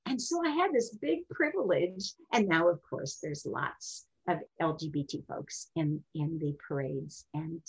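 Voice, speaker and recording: Older female guest, husky, lower-pitched, animated storyteller. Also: measured pace, few pauses, low-quality recording. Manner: expressive, jumps into high voices when quoting. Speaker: sexologist and guest.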